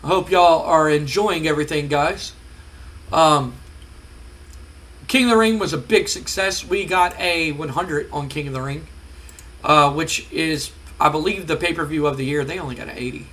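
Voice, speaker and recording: A man recaps his wrestling sim in casual let's-play commentary. His voice is bright and forceful and sits slightly high. He talks loosely, with plenty of ums. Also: moderate pace. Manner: relaxed, chatty, with filler ums. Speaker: gamer narrating a wrestling sim.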